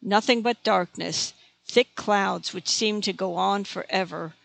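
Audiobook narrator, steady, gravelly, dry close sound. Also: mid-range voice, measured pace, no room sound.

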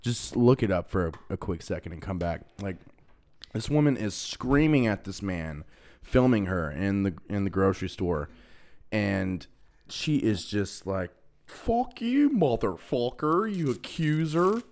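A man's voice: sits low, lively intonation, unhurried, a little mellow. A young man co-hosting a podcast, joking and swearing in laid-back casual banter. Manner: profane, laid-back, jokey. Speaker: podcast co-host.

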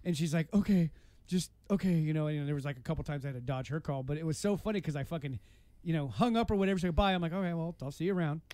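A man hosting a podcast, telling crude stories in a casual, animated way and swearing freely. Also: a little high, rapid-fire, no room sound. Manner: animated, swearing, acts out voices in his stories. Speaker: podcast host. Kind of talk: casual storytelling chat.

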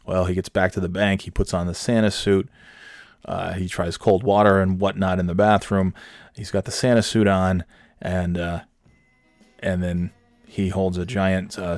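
A man telling a comic story recap in a rambling, hesitant, deadpan way. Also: low voice, measured pace, no echo, studio quality, faint music behind.

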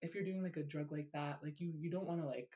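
A man's voice: fairly high pitch, fairly even intonation, quick pace, muffled recording. A man appearing as a guest in a casual chat with his best friend, talking frankly and laughing easily.

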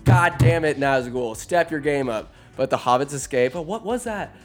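A man talking through a fantasy movie in a loose, joking recap, his voice sitting a little high. He jumps between wry asides and bursts of excitement, tossing in quick character voices. Faint music plays under his talk. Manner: animated and sarcastic, puts on quick voices for characters. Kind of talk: casual comedic movie recap. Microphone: phone or desk mic, recording alone.

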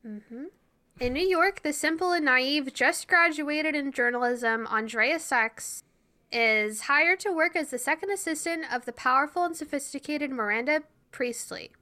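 A young woman co-hosting a podcast in casual chat, playful and quick to laugh. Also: sits high, bright, forceful tone. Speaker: podcast co-host.

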